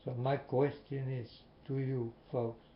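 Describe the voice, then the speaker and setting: Man talking very slowly and earnestly straight to camera, muffled echoey recording. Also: mid-range voice, little pitch movement. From Netherlands. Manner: slow, repetitive, earnest questioning. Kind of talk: slow earnest monologue to viewers. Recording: muffled, echoey room with faint hiss.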